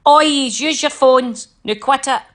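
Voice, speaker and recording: A woman's voice: high voice, slow, fairly bright tone. A woman with a Scottish accent doing a comic impression of a bossy, scolding woman leader who lays down the law in blunt, sweary dialect.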